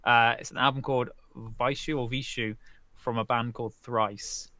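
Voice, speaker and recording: A man's voice: medium pitch, steady tone, normal speed, pushed and bright, no echo. A man from Britain, a musician co-hosting a casual online chat over a video call, rambling a little and laughing often. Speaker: musician guest and co-host.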